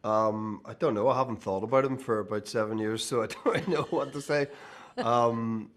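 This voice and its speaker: A man's voice: medium pitch, moderate pace. A man with a Belfast accent, guest on a television interview, talking in a casual, joking way and laughing often. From Northern Ireland. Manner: joking, laughing, self-deprecating. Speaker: actor guest.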